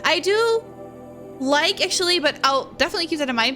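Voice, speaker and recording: A woman live-streams and reads her chat in a high-pitched, brisk voice, chatting casually with viewers, giggling often between lines and gushing her thanks. A loud crowd and music play in the background.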